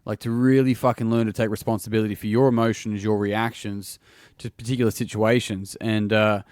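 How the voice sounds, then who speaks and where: A man's voice: lowish voice, little pitch movement, a little fast, darkish tone, smooth, dry recording, clean studio sound. A man hosting a solo podcast and working as a coach, talking casually and bluntly, swearing freely and restarting his sentences often.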